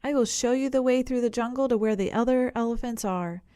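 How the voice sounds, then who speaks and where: Woman reading as a wise, sly female snake for a storybook; high, hissing, dry close sound. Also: fairly quick, dark tone, clear, resonant tone, no room sound, close to an everyday voice. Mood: sly, knowing.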